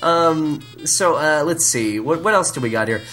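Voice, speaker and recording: A woman's voice: sits low, normal speed, faint music behind. A woman co-hosting a podcast, chatting casually about a film, often laughing and mimicking lines in silly voices. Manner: laughing, animated, mocking quotes in silly voices. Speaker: podcast co-host. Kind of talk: casual chat reviewing a film.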